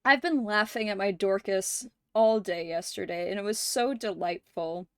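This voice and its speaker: A woman hosting a livestream, chatting casually with viewers, laughing often and swearing freely in animated reactions. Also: mid-range voice, moderate pace, no room sound, studio quality. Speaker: livestream host.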